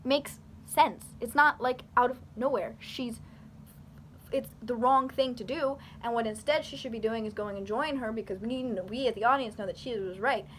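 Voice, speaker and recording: A young woman YouTuber speaks at a moderate pace in a fairly high voice, with a little hiss or hum in the recording. She gestures while rambling through casual commentary to camera, full of fillers and restarts.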